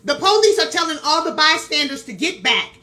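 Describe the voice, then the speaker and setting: Woman, vlogger, casual storytelling, emphatic repetition, direct asides to viewers, bright high voice. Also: big pitch swings, brisk. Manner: emphatic, repeats phrases for effect; talks straight to viewers with asides.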